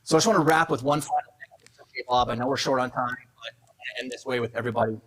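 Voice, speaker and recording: A man's voice: medium pitch, rapid-fire, a bit bright, poor audio. A middle-aged man giving a motivational speech at an awards event, telling a family story and acting out the dialogue. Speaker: keynote speaker. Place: event hall.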